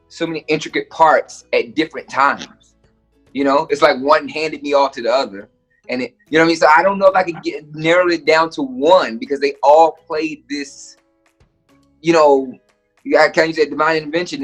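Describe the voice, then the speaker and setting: A young adult man, a comedian, telling stories in a casual interview, lively and acting out the people he quotes. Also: a little high. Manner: animated storyteller, acts out quoted voices. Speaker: comedian and guest.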